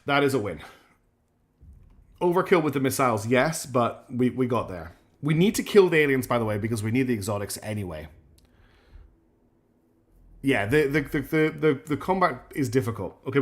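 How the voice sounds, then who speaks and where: A man streaming live, thinking aloud through his gameplay and chatting back to viewers. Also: medium pitch. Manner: thinks aloud while playing and answers chat.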